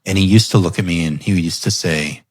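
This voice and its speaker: A brisk, husky, low-voiced man hosts a podcast, with no echo on the recording. He's a lively storyteller sharing family anecdotes in casual talk, laughing often as his energy rises.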